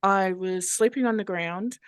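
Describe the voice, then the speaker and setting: An Australian woman, a hypnosis trainer, telling her personal story as a podcast guest in a frank, earthy, animated way. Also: medium pitch, measured pace, clean tone, dry recording.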